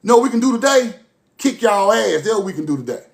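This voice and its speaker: A man delivers a passionate, profane monologue straight to his listeners. His voice sits high, and he keeps circling back to the same phrases. He moves from forceful outbursts to low, muttered stretches. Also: sing-song, quick pace, gravelly. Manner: forceful, repetitive, profane, swings from loud to low. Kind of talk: impassioned monologue to camera.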